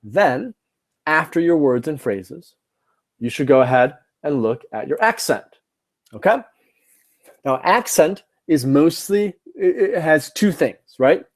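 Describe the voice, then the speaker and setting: A man's voice: fairly high pitch, animated, slow pace. A man teaching a live online class, explaining points step by step and checking in with "right?" and "okay?". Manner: instructive, repeats points, asks "right?" and "okay?". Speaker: TOEFL teacher.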